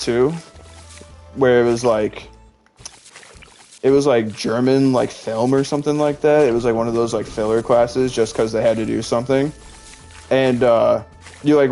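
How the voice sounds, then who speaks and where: Young male streamer, rambling filler-heavy chat over faint game music, gravel in the voice. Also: medium pitch, darkish tone. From Illinois, USA. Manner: rambling, heavy use of "like", laughs often. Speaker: gaming streamer. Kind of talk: casual chat while gaming.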